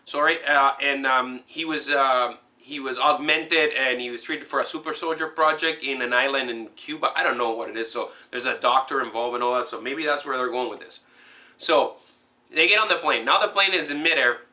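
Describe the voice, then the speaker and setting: Rambling, bright-voiced guy recapping a movie. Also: medium pitch, moderate pace. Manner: rambling, full of fillers and restarts, excited. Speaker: movie fan recapping a film. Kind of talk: casual spoken movie recap.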